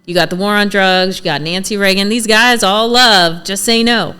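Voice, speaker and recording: A woman speaking as a policy advocate in a casual podcast conversation, blunt and animated, acting out what lawmakers said to her. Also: medium pitch, moderate pace, clean tone. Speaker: cannabis policy advocate guest.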